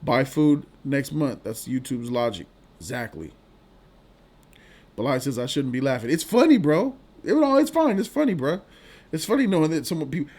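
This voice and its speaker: A man's voice: high-pitched, lively intonation, moderate pace. A man hosting a live stream, chatting casually with viewers in loose slang and laughing often. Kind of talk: casual live-stream chat reading donations.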